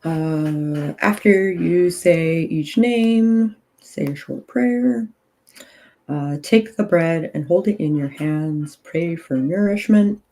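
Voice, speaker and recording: Woman, groggy, low mellow voice, unhurried, reads prayers aloud, casual ritual livestream. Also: rough recording. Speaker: ritual leader and tarot reader.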